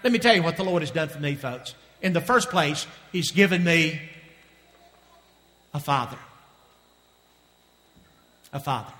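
A man preaching a sermon with passion, often repeating phrases and dropping to a hush before rising again. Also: on the high side. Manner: impassioned, repeating phrases, swings from loud to hushed. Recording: long hall reverb.

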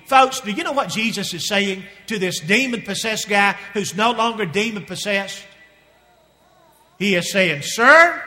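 A middle-aged man preaches a sermon in a church, his voice high and bright, ringing through a hall with a long reverb. He is animated and stretches key phrases out slowly for weight. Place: church sanctuary.

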